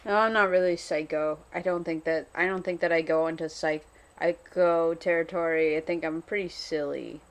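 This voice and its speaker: This vlogger's deep voice holds fairly even intonation at a moderate pace as she films an unscripted monologue. Anxious and rambling, she keeps repeating phrases.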